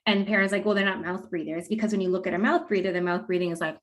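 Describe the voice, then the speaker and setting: A woman talking as a guest expert in a casual interview, explaining in a lively way and acting out what parents say. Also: fairly low pitch, very fast, hardly any pauses. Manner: animated, acts out quoted parents with laughs. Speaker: guest expert on mouth breathing.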